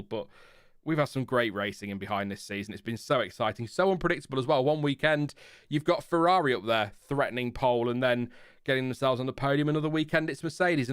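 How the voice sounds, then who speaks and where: Rambling Lincolnshire man, smooth and dry. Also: mid-range voice, dry recording. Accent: Lincolnshire English. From Lincolnshire, England. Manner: rambling, self-interrupting, chuckles at his own tangents. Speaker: F1 channel host. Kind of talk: casual live-stream chat.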